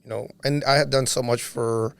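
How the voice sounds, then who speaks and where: A man's voice: medium pitch, fairly even intonation, normal speed, gravelly, clean tone, dry recording. A man guest on a podcast, telling a personal story earnestly, with lots of "like" and "you know".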